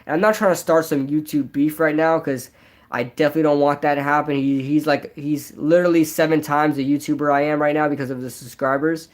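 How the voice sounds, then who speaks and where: Young guy live streaming, nasal high voice, lots of likes and ums, rambles. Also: steady tone, brisk. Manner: rambling, filler-heavy, restarts. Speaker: sports vlogger. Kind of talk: casual live-stream chat.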